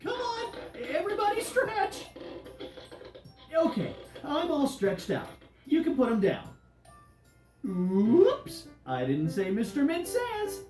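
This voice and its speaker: A woman's voice: high voice, wildly swooping pitch, slow, long pauses, warm tone, heavily acted. A woman voicing a cheerful, friendly male candy game leader who plays a follow-the-leader game with children. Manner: bouncy, playful, coaxing children. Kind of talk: children's DVD game hosting. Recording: roomy echo with music behind.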